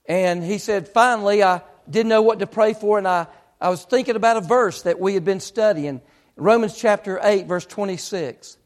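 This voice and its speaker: A man's voice: high-pitched, moderate pace. A man preaching, retelling a story with lots of quoted speech in an earnest, building way. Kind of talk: sermon storytelling.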